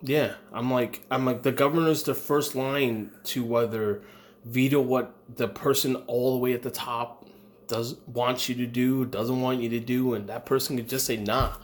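A man's voice: mid-range voice, steady tone, normal speed. A man in casual chat, telling blunt, profane stories and acting out what people said. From United States. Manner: blunt, profane storytelling with acted quotes.

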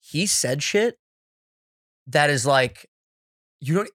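A man co-hosting a casual podcast, excitable and laughing often, swearing freely as he tells stories. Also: on the high side, takes it slowly, no echo, studio quality. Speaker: podcast co-host.

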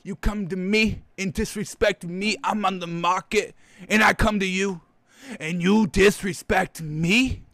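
A man's voice: sits high, fairly quick, hardly any pauses, pushed and bright, no echo, studio quality. A man mimicking a cocky trash-talking quarterback. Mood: taunting. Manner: boastful, profane, taunting.

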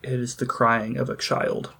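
Man, game master, tabletop narration, measured descriptive storytelling, mid-pitched voice. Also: little pitch movement, gravelly, sharp tone, breathy edge.

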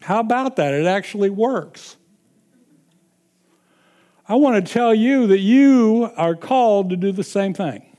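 A man's voice: high-pitched, lively intonation, measured pace, pauses often, mellow. A man preaching a sermon, emphatic and repeating his points with frequent chuckles.

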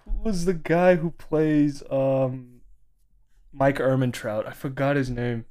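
A man's voice: mid-range voice, steady tone, takes it slowly, dark tone. A young man co-hosting a podcast in casual, laid-back chat, swearing freely and laughing often. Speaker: podcast co-host.

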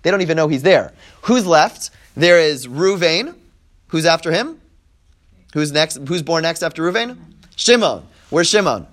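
A man's voice: on the high side, expressive, moderate pace, a bit bright. A middle-aged man teaching a class, reading Hebrew verses aloud, translating them and explaining as he goes, often repeating words as he thinks. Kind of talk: classroom Torah lesson.

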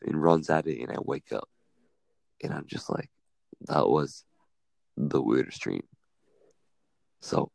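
A man telling stories in a relaxed, rambling way as a podcast host. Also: extremely low pitch, gravelly, no room sound. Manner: rambling storytelling. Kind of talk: casual chat.

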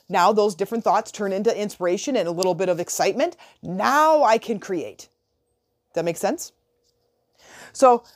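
A woman coaching her viewers in a chatty, animated motivational talk, often restarting phrases and acting out little dialogues. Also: medium pitch.

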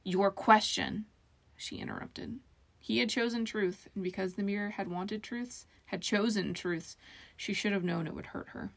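A woman narrating a fantasy audiobook in an even storytelling manner. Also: medium pitch, moderate pace, creaky.

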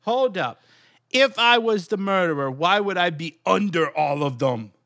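A man's voice: sits high, lively intonation, normal speed, fairly bright tone, no echo, studio quality. A man playing a tabletop game, brash and joking with profanity. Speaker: player.

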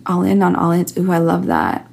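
A woman's voice: fairly low pitch, big pitch swings, brisk, creaky, a little mellow, husky. A woman, a podcast guest, talking candidly and earnestly, telling personal stories with many restarts and fillers.

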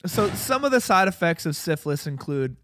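A man's voice: sits high, big pitch swings, brisk, fairly bright tone, no echo, clean studio sound. A man co-hosting a casual comedy podcast, explaining a topic with jokes and lots of filler words. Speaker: podcast co-host presenting a topic.

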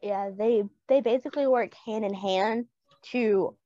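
A woman's voice: medium pitch, a little slow, mellow, no echo, lo-fi sound. A woman co-hosting a podcast, chatting casually about a TV episode and adding explanations. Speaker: podcast co-host. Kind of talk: casual recap chat.

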